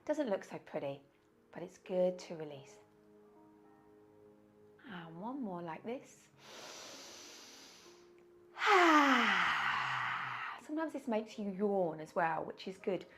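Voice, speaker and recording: A woman teaching a yoga class over a video call, guiding slow breathing in a soothing way with audible sighs. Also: on the low side, very animated, music in the background. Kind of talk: guided yoga class instruction. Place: indoors, windy weather outside.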